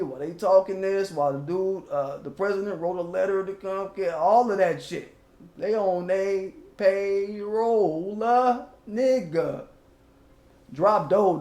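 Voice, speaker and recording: Profane, high-voiced man in an echoey room. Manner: loose, profane, rapping along to old lyrics. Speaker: channel host. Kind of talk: casual commentary monologue.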